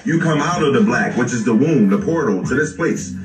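A man's voice: medium pitch, expressive, a little fast, far from the mic, over loud music. Lecturing man in a roomy echo. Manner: lecturing, urges listeners to understand. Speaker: co-host. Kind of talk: casual spiritual talk.

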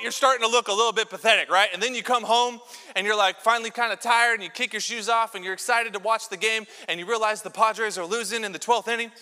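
A man preaching a sermon as pastor in a church, telling lively jokey stories with props. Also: sits high. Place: large church sanctuary. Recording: long church hall reverb.

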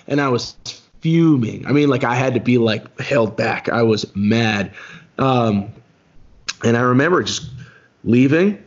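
A man, a podcast guest, telling a race story in a casual, animated way that climbs high when he recalls being angry. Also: unhurried, highs cut off. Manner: animated, rises sharply when recounting anger.

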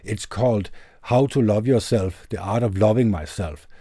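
A man with a Danish accent calmly reading a self-help book aloud on his channel, in a measured way. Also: lowish voice, no room sound, clean studio sound. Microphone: tube studio microphone.

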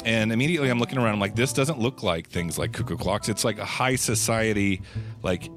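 A man's voice: on the low side, brisk, fairly bright tone, faint music behind. A man co-hosting a podcast, telling a casual story in a rambling way with plenty of fillers. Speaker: podcast co-host. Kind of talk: casual chat.

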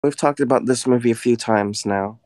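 A man's voice: medium pitch, moderate pace, a little mellow, no echo, studio quality. A man co-hosting a podcast, chatting casually with short, agreeable remarks. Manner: brief, agreeable interjections. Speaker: podcast co-host. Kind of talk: casual chat.

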